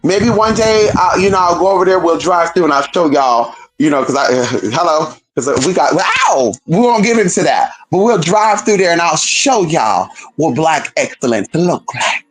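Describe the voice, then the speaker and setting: A woman's voice: lowish voice, animated, normal speed, hardly any pauses, soft background music, rough recording. A woman talking to her stream in a casual, profane, rambling rant, calling her listeners "girl" and asking "hello?". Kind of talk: casual ranting monologue.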